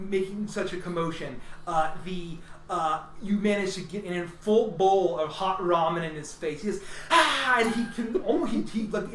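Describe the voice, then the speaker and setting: A man's voice: high voice, noisy background. Male game master, rambling, filler-heavy narration; distant mic, roomy sound. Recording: echoey room, distant mic.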